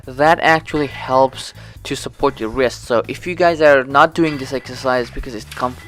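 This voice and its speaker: Man, fitness vlogger, casual gym instruction, stumbles and restarts, medium-pitched voice, faint music behind. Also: moderate pace, a bit bright. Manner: rambling, many restarts and self-corrections.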